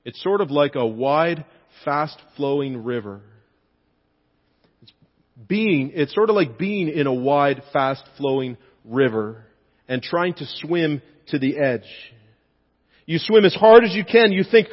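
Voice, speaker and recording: A man preaching a sermon with lively, expressive delivery, his voice rising when he acts out quoted lines. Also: on the high side, slow. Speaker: pastor. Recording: dull sound with long hall reverb.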